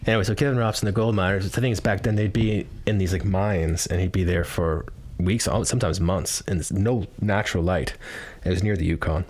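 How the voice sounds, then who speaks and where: A man's voice: deep voice, fairly even intonation, brisk, darkish tone. A man telling a rambling joke in a casual podcast chat, often restarting and laughing. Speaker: podcast host.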